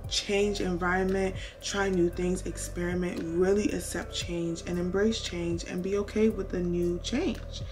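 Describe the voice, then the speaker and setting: A woman in her twenties chatting to camera while doing her makeup, earnest and full of "like", giving faith-based advice to her viewers. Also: fairly low pitch. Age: 20s. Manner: chatty and earnest, heavy use of "like"; faith-filled, advising viewers. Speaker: beauty vlogger. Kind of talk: casual chat to camera. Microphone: camera mic while doing makeup.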